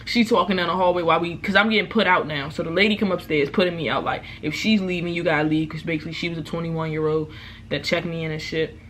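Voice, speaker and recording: A young woman vlogger, telling a storytime in casual, profane talk, loudly acting out what people said. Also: fairly low pitch, fast, a little hiss or hum. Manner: animated, profane, acts out quotes loudly. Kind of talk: casual storytime while eating.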